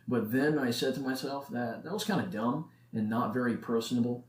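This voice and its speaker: A man's voice: medium pitch, fairly quick, few pauses. A nineteen-year-old man hosting a solo podcast, talking in a casual, earnest, motivational way. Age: late teens. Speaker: podcast host. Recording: echoey room.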